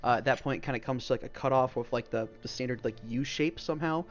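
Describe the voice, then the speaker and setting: A man's voice: medium pitch, fast. A man narrating a tabletop game as game master, rambling and full of "like" and "um". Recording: dull lo-fi stream audio with faint music.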